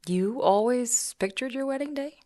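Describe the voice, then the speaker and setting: A woman's voice: on the high side, normal speed, mellow, lightly acted. A woman playing a wry bride. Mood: teasing. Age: 30s. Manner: wry, teasing. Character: wry bride in her late thirties.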